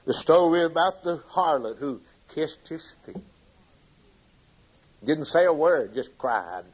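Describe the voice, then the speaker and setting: A man preaching a sermon with fervent delivery, swinging from loud emphasis to hushed lines. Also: on the high side, expressive, takes it slowly, breathy edge, poor audio.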